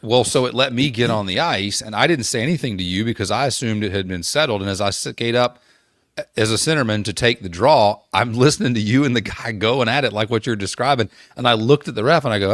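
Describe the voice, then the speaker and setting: A man's voice: mid-range voice, fairly quick, fairly bright tone, no echo, studio quality. A man co-hosting a casual podcast, adding wry, teasing remarks to a friend's story. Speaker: podcast co-host. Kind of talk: casual chat.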